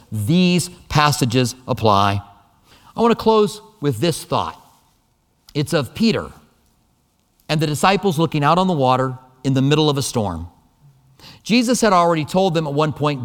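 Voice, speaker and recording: A fairly high-voiced man preaching to a congregation, telling the story with lively emphasis. His voice carries a long reverb tail through a church hall. He shifts from quiet, slow passages to bursts of energy. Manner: animated storytelling, shifting between soft and emphatic. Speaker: pastor. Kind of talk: sermon.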